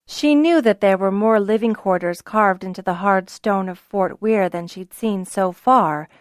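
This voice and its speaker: Brief: woman narrator for a fantasy audiobook, even and clear, dry studio sound. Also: mid-range voice, no room sound. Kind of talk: scripted narration.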